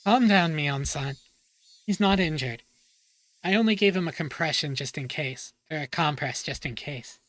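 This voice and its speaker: A woman voicing a calm, reassuring adult school nurse. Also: sits low, normal speed, rough recording.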